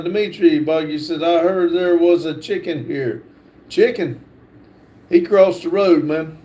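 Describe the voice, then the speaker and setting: A man's voice: sits high, warm tone. A man hosting a casual livestream, reading viewers' comments aloud. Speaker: livestream host.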